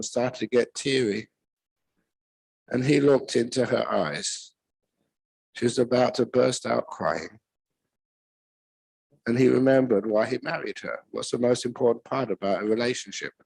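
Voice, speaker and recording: An older man with a British accent, a monk giving a relaxed Dharma talk full of humorous stories, chuckling at his own jokes. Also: medium pitch, vocal fry, breathy edge, dry recording, poor audio.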